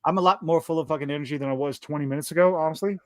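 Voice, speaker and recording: A man hosting a live podcast stream, talking fast and excitedly in profane, rambling casual chat. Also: fairly high pitch, no echo, clean studio sound.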